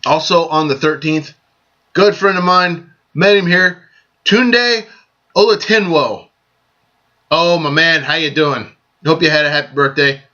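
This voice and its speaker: A man hosting a casual vlog, giving friendly, joking birthday shout-outs to friends and often repeating himself as he goes. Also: on the high side, unhurried, long pauses. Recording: dull lo-fi sound.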